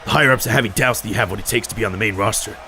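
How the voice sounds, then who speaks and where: A gruff wrestling boss. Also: male voice, on the low side, very fast, sharp tone, slight background noise. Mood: stern. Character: gruff male wrestling boss, stern mentor.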